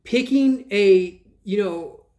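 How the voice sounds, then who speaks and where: A man's voice: high-pitched, slow, mellow. A man hosting his own channel, reviewing a book in casual, rambling commentary, scoffing at ideas and spelling words out letter by letter. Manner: digressive, restarts and trails off.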